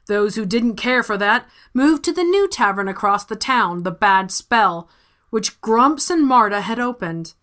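A woman narrating a fantasy story in a measured, soft-spoken reading. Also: on the high side, animated.

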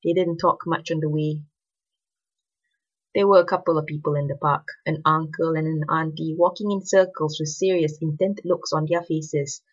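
Low, husky woman narrating a story. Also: fairly even intonation, normal speed. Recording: dull lo-fi recording.

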